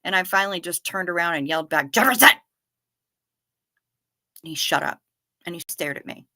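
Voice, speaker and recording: A woman with a lowish, sharp-toned voice talks fast while hosting a casual livestream. She reads viewers' comments aloud and answers them in a friendly, apologetic way.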